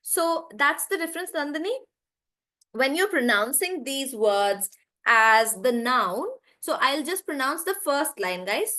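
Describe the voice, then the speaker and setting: Her voice is high and sharp, with lively intonation and a moderate pace. In an online English pronunciation class, she calls on students by name, asks "right?", explains patiently, and elongates stressed syllables to show how they sound.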